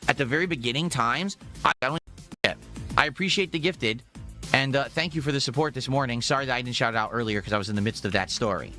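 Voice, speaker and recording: A man's voice: mid-range voice, fast talker, pushed and bright, soft background music. A man streaming a long, emphatic rant, repeating his points with self-assured insistence. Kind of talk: ranting stream monologue.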